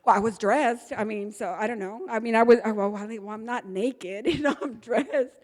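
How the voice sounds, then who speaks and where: A woman's voice: a little high, moderate pace, a little mellow. A middle-aged woman from Texas telling a candid recovery story at an AA gathering, acting out the dialogue as she goes. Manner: candid storytelling, acts out dialogue, laughs often. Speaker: AA speaker. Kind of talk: personal recovery talk. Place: large meeting hall. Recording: reverberant hall.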